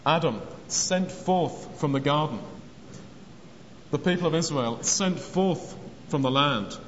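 An earnest man preaches with a fairly high voice. His words trail off into the long reverb of a large church hall, and the recording sounds dull and lo-fi, with a faint hiss underneath. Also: takes it slowly, a bit bright. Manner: earnest, acts out quoted speech. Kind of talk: sermon on a parable.

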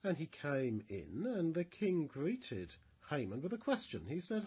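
Male storyteller, children's bible story, gentle, husky, slow. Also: fairly high pitch, lo-fi sound. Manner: expressive, gentle.

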